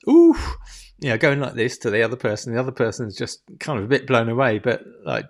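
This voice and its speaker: A man's voice: mid-range voice, fast, fairly bright tone. Guy talking straight to camera about something that got to him, laughing through it, casual swearing. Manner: candid and emotional, laughing often, swears freely. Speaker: personal development vlogger. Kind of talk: candid personal storytelling.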